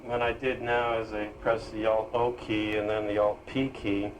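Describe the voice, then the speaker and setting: A man demonstrating his own screen reader program, explaining it in a halting way with pauses and fillers. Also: lowish voice, flat delivery, slight background noise, low-quality recording. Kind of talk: casual software demonstration.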